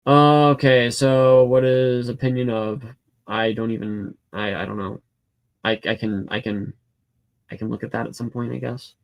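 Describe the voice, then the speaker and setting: A man's voice: medium pitch, steady tone, a little slow. Male livestream host, casual and rambling, mid-range voice, lots of ums and false starts while reading chat. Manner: rambling, hesitant, many fillers and restarts. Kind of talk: casual live Q&A, reading comments aloud. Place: home room with a cat.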